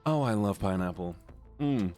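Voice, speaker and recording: A man's voice: on the low side, moderate pace, faint music behind. A man streaming live, chatting playfully and teasing his viewers. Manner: playful, excitable, teasing chat. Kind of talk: casual live-stream chat.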